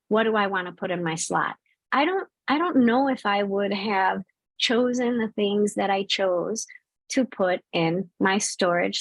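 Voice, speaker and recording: A woman's voice: medium pitch, no echo. A middle-aged woman hosting a spiritual channel, speaking casually to viewers and telling a personal story with many fillers and restarts.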